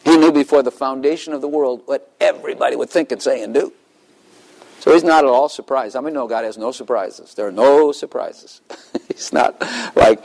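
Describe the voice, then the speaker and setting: A man's voice: mid-range voice, moderate pace, a little mellow, poor audio. An older man preaching a sermon in a loose, conversational way, asking the congregation questions and chuckling between points. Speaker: pastor.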